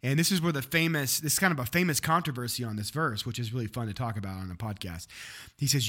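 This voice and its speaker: A man's voice: mid-range voice, fast talker, sharp tone. Easygoing man pastor on a podcast. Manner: conversational, with restarts and light laughs. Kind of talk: casual podcast chat about a sermon.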